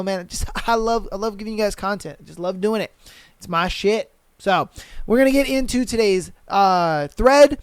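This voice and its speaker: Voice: mid-range voice, clean tone, dry recording. A podcast host chatting casually on a solo show, cursing freely, laughing often and reacting to listener posts.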